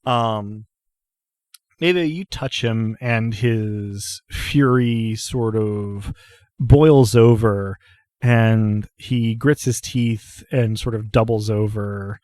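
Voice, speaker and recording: Unhurried male game master, relaxed and laughing easily, dry sound. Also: on the low side, no echo. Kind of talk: narrating a tabletop game.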